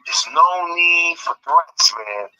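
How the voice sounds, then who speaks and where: A man calling in by phone to a casual podcast chat, talking in a slow, deliberate and emphatic way. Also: fairly high pitch, expressive, sharp tone, smooth. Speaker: guest on a phone line. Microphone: phone call. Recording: dull phone-line audio.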